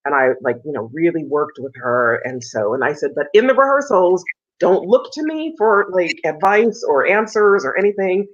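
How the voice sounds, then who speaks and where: A woman's voice: on the low side, moderate pace. A woman, a soprano interviewed on a video call, telling a story and acting out the lines of the people in it. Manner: animated storyteller, acts out quoted lines in a raised voice. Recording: dull lo-fi sound.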